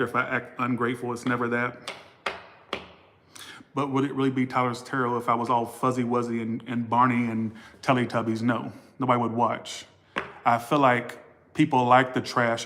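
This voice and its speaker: Man, casual tarot reading, blunt, profane, rambling, mid-pitched voice. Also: fairly bright tone. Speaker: tarot reader.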